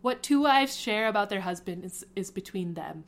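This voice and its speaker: A woman's voice: medium pitch, animated, moderate pace, natural voice. A woman reading the lines of a witty middle-aged mother and wife, in a playful, teasing manner.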